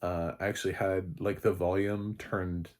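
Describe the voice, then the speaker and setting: A man's voice: low voice, little pitch movement, moderate pace, a little mellow. A man, a film critic, giving a casual spoken review, rambling with many fillers and restarts, and swearing now and then.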